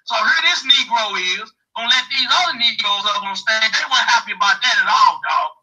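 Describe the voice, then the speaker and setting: A man telling a story on a talk show, animated and profane, acting out what other people said. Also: very high voice, brisk, breathy edge, poor audio.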